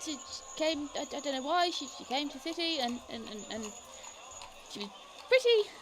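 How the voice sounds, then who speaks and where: A woman voicing a jittery young male informant who stammers in a high, panicky voice. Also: sing-song, fairly quick, background noise. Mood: stammering.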